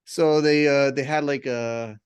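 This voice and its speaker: A man, a podcast guest, telling a personal story conversationally with many restarts and animated retellings. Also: medium pitch, measured pace, clear, resonant tone.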